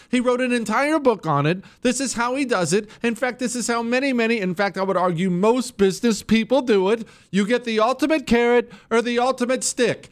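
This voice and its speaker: A man hosting a radio talk show, giving opinionated political commentary in an emphatic, sarcastic way, often jumping into high mocking voices. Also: a bit bright, smooth.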